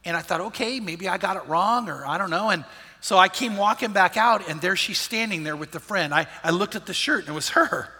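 A man's high, very bright voice carries a conversational sermon, stumbling over restarts as he tells stories to his congregation. He preaches from the stage of a large church auditorium, and the sound rings with a long hall reverb. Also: lively intonation, fairly quick, slightly rough. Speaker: pastor.

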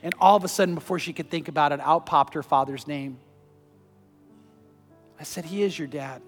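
A man preaching a sermon, telling a story earnestly and moving between loud urging and hushed, tender passages. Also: on the high side, normal speed, in a large hall, soft background music. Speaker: pastor.

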